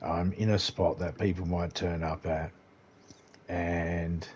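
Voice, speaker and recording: A man's voice: deep voice, little pitch movement, takes it slowly, a little mellow, a little hiss or hum. A man with an Australian accent chatting casually as he livestreams a game, rambling and laid-back, swearing now and then. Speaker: gaming livestreamer. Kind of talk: casual gameplay commentary.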